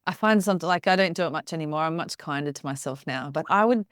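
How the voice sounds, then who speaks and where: A woman's voice: low voice, quick pace, dry recording, studio quality. A woman speaking as a podcast guest, thoughtful and reflective. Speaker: podcast guest, yoga practitioner. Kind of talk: conversational interview.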